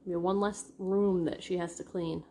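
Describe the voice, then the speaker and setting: A woman's voice: lowish voice, flat delivery, normal speed, dark tone. A woman with a New England accent chatting casually in a vlog, rambling with many restarts and fillers. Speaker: vlogger. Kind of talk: casual chat. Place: rented house indoors.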